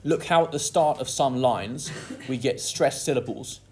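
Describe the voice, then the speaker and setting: A man's voice: medium pitch, moderate pace, slight background noise. A man teaching a lesson that analyses a play, reading quoted lines aloud with dramatic stress before explaining them. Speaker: English literature teacher.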